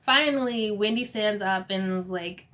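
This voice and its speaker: A woman hosting a casual reality TV episode recap, chatty and sassy, laughing often and quoting the cast in animated asides. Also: mid-range voice, normal speed.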